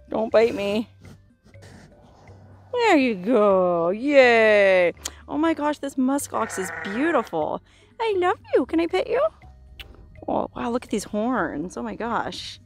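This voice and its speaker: A woman hosting a casual walking-tour vlog outdoors, chatty and upbeat, cooing at animals along the way. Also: medium pitch. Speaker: travel vlogger and host. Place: outdoors at a desert roadside hotel.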